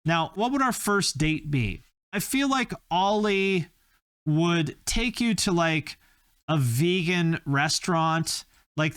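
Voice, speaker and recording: A man's voice: fairly high pitch, a bit bright, clear, resonant tone, no echo, studio quality. A man hosting a YouTube channel, rambling through a joking, casual commentary full of tangents. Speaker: YouTube host.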